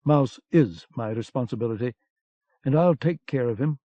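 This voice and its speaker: A man reading an audiobook, voicing a calm, determined male agent in a firm, steady manner, on a dull lo-fi cassette recording. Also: medium pitch, normal speed, close to an everyday voice.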